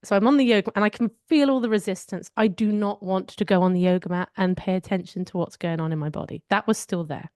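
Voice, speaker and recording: A woman's voice: mid-range voice, fast, hardly any pauses, a little mellow, smooth, dry recording, clean studio sound. A woman co-hosting a podcast, telling personal stories in a candid, reflective way during a casual chat. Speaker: podcast co-host.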